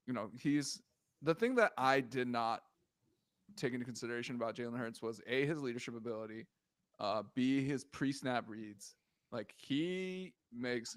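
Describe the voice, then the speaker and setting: A man's voice: mid-range voice, dry recording. A man co-hosting a casual sports podcast, ranting, swearing and exasperated as he talks through the news. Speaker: podcast co-host.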